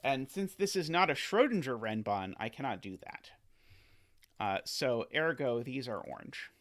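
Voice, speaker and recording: A man's voice: medium pitch, lively intonation, moderate pace, a bit bright. A man solving a sudoku live on stream, thinking aloud, often correcting himself and adding playful asides to his viewers.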